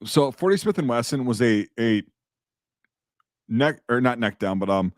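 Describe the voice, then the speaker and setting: A man's voice: mid-range voice, expressive, a little fast, no echo, clean studio sound. A man in casual chat as a podcast host, rambling and profane, with many restarts and fillers.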